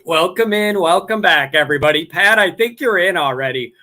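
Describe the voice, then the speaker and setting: A man hosting a live sports reaction show from outdoors at night with no proper mic, loud and excitable. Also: high-pitched, fairly quick. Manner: excitable, yelling, chanting. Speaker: show host. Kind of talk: loud casual sports chat. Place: outdoors by a golf course at night. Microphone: no proper microphone.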